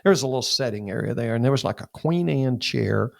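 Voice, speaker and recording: Older pastor, gravelly voice, vivid storyteller who voices the other people, dry close mic. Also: male voice, mid-range voice, fast, no room sound. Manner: animated storyteller who acts out dialogue. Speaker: pastor and podcast guest. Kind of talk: personal storytelling in an interview.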